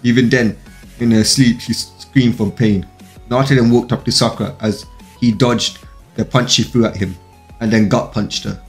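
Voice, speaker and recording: A man narrating a fan-fiction story in a plain, run-on reading with occasional slips. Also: fairly low pitch. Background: faint music.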